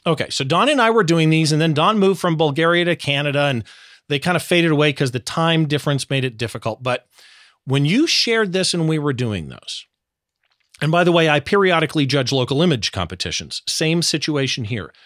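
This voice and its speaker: A male host with a somewhat high voice that swings widely in pitch. He sets up his questions quickly and enthusiastically. The sound is close and dry. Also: animated, fairly bright tone, no echo. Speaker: podcast host. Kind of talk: casual interview.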